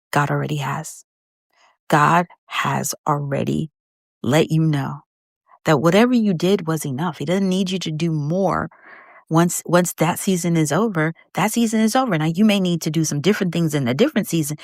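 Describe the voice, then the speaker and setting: A woman's voice: lowish voice, dry recording, clean studio sound. A middle-aged woman hosting a faith-based podcast, talking heartfelt and conversational to her listener, holding back tears. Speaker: podcast host.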